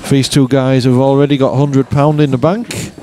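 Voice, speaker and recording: A man from England commentating live on a pool match, relaxed and chatty with his co-commentator. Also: mid-range voice, normal speed, background noise. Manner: relaxed, chatty, self-mocking.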